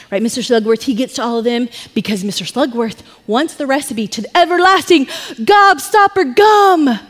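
A woman pastor giving a sermon, telling a story with animated, chatty asides. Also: sits high. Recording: long reverb in a hall.

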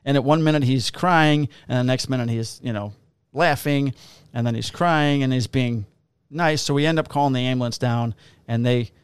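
A man's voice: medium pitch, moderate pace, clear, resonant tone, dry recording, studio quality. A man, a police officer, casually telling profane, laughing stories about his shifts. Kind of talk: casual storytelling on a podcast.

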